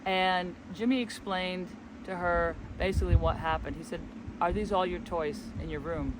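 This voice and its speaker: A man's voice: sits high, steady tone, moderate pace. A man casually telling a story outdoors as co-host of a travel vlog, rambling along and acting out the dialogue. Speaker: co-host of a spiritual travel channel. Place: outdoors in a forest, windy. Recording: light wind and outdoor background noise.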